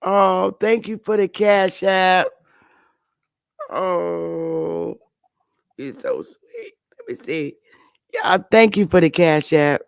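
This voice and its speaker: Slow, blunt woman streamer. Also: lowish voice, vocal fry, clear, resonant tone, no echo. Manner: blunt and profane, with excited exclamations. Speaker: livestream host. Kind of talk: casual livestream commentary.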